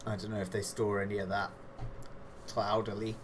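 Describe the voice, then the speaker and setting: A man's voice: fairly low pitch, flat delivery, moderate pace. Game master, male, chatty and joking, noisy home-stream audio. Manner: rambling, chatty, laughs at his own jokes. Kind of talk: running a tabletop game on a livestream. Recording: noisy background hiss.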